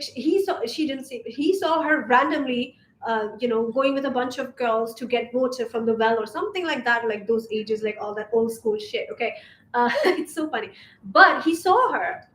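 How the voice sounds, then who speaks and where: A young woman from Asia, coaching on femininity in a casual vlog monologue, sassy and emphatic, swearing freely. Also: sits high. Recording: roomy echo, faint background hiss.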